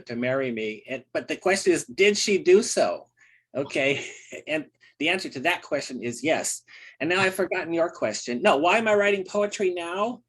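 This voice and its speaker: Older American man, fairly high voice, earnest, halting, many fillers. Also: a bit bright. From United States. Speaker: poet. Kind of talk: casual talk about his poem.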